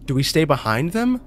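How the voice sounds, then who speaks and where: A young man commenting on a game as he plays, excitable and profane, his voice leaping up into shrieks when startled. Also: medium pitch, slight background noise. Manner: excitable, swears a lot, shrieks when scared. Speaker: gaming streamer. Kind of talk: let's play commentary.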